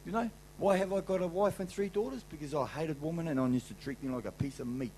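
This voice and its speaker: A middle-aged man with a New Zealand accent preaches in a slightly high voice, swinging between loud and soft. He talks in a plain, colloquial way. A faint hum sits behind him. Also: quick pace, low-quality recording. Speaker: convention speaker. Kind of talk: sermon testimony.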